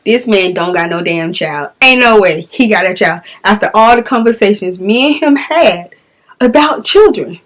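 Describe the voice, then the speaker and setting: A woman's voice: mid-range voice, animated, normal speed. A young woman, telling a storytime vlog in a blunt, exasperated way and acting out the dialogue. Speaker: vlogger.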